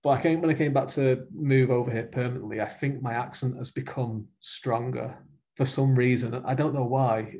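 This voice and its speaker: A man's voice: medium pitch, moderate pace. A man with a Mancunian accent hosting an author interview over a video call, chatty and rambling. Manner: chatty, rambling, animated with hands. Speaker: podcast host.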